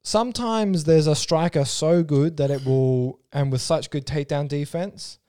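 A man chatting casually about fight sports, his voice mellow and warm. He thinks aloud, restarts his sentences and breaks down technique in detail. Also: on the high side, measured pace, clear, resonant tone.

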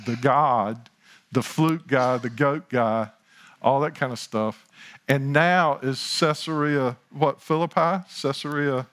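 A man preaching a sermon as pastor, building to slow, emphatic lines, with chatty asides and talk of himself in the third person. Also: medium pitch, fairly bright tone.

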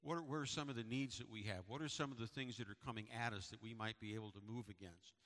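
A man's voice: fairly low pitch, fast talker, a bit bright. A middle-aged man, a pastor, giving a sermon and church announcements in a conversational, storytelling way with repetitions. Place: church sanctuary. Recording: long hall reverb.

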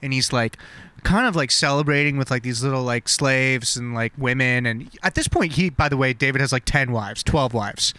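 Young guy with a bright voice, cursing and joking through a retelling, dry close mic. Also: medium pitch, normal speed, dry recording. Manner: slangy, swearing, laughing, acts out characters. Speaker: podcast host retelling a story. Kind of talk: casual profane storytelling.

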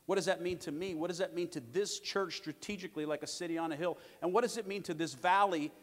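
Middle-aged man, pastor, sermon, fairly high voice, long church hall reverb. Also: fast talker. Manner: lively storytelling with joking asides and calls for amen. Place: large church sanctuary.

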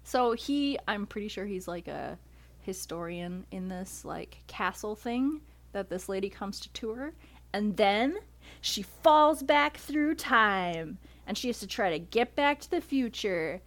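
A chatty woman co-hosting a podcast, recapping movie plots in easy, casual conversation. Her voice sits at a middle pitch and she laughs often as she talks. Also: animated, unhurried. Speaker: podcast co-host. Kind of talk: casual chat.

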